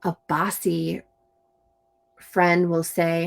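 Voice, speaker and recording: A woman reading aloud and explaining to young children in a slow, gentle teaching manner. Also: fairly low pitch, gravelly, husky. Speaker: storytime reader and teacher.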